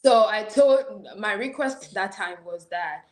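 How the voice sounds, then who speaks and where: A woman from Nigeria with a Nigerian accent blended with American tones, telling her story as an interview guest in an animated way. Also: medium pitch, measured pace, echoey room. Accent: Nigerian with American influence. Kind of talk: casual interview.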